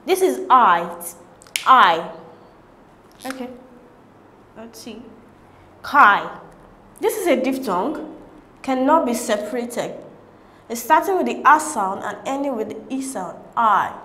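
A woman's voice: fairly high pitch, big pitch swings, a little slow, a bit bright, echoey room. A woman, working through exam questions as a tutor and reading each option in turn. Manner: methodical, reads options one by one.

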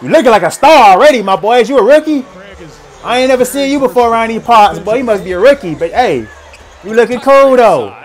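Slangy young man hyping basketball highlights. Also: expressive, fairly quick. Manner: hype slang-heavy play-by-play, stammers and repeats, laughs often. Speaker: sports reaction host. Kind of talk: casual highlight reaction commentary.

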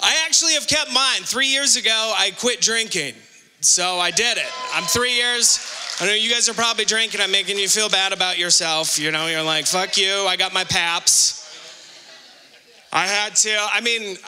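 A middle-aged man doing a live stand-up set on a theater stage, telling stories loudly and animatedly with sudden shouted punchlines. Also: sits high, moderate pace, background noise. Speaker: stand-up comedian. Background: audience laughter.

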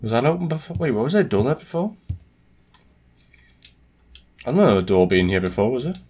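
A man doing let's play commentary on a horror game, excitable and jumpy, swearing often. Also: mid-range voice, racing, a little hiss or hum. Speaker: gaming streamer.

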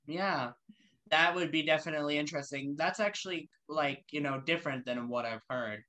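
A man's voice: fairly high pitch, fairly quick, bright, forceful tone. A man hosting an interview show, asking questions casually with lots of fillers and loose, rambling answers. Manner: rambling, many fillers, friendly.

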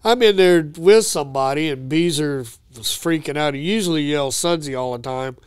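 An older man with a notably smooth, resonant voice and a slightly higher pitch. He reminisces in an easy, storytelling way, and the recording is close and dry. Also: moderate pace, dry recording. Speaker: guest, retired hockey trainer. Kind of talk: casual podcast chat.

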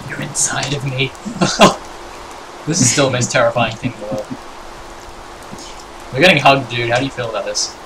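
A man's voice: mid-range voice, a little slow, long pauses. Giggly man live-streaming a game, noisy mic. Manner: giggly, teasing, excitable. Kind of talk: casual co-op game stream chat. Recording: noisy home recording.

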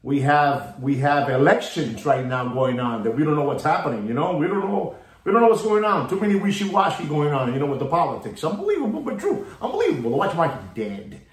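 Theatrical male vlogger, high-ish animated voice, swings loud to muttering, echoey room. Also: brisk. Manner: theatrical, repetitive, swings between loud bursts and low mutters. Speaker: watch market vlogger. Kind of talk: hyped market rant to camera. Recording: roomy echo.

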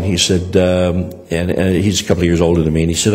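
Older man with a very deep voice preaching. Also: steady tone, moderate pace, hardly any pauses, long reverb tail. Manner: rambling, many "uh" and restarts. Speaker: pastor. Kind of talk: sermon with personal stories. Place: church hall.

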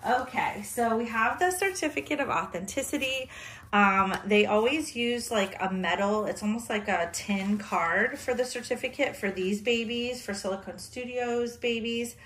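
A woman vlogger unboxing a doll, cooing and talking softly to it as if to a baby, sometimes dropping to a delighted whisper. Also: fairly high pitch, normal speed, a little hiss or hum. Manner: drops into breathy whispers of delight. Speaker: reborn doll collector and vlogger. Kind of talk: gushing unboxing vlog.

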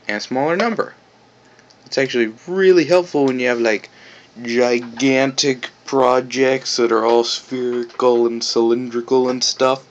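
A man hosting a casual screencast tutorial, rambling and correcting himself, with bursts of playful excitement. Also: medium pitch, a little hiss or hum. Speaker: software tutorial host.

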